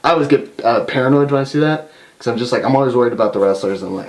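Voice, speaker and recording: A man's voice: medium pitch, very fast. A man co-hosting a wrestling review podcast, chatting casually and acting out quotes in put-on voices. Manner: animated, acts out quotes with jokey put-on voices. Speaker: podcast co-host. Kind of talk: casual chat.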